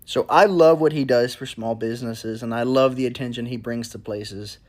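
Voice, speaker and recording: A food content creator talking casually, explaining in a relaxed way with some mild swearing. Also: male voice, medium pitch, moderate pace. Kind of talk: casual commentary.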